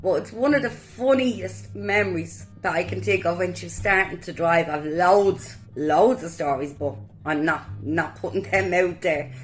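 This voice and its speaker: Irish woman telling warm family stories. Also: fairly low pitch, normal speed, few pauses, soft background music. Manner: lively anecdotal storytelling, colloquial. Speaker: guest sharing memories of a cousin. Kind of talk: personal tribute, storytelling.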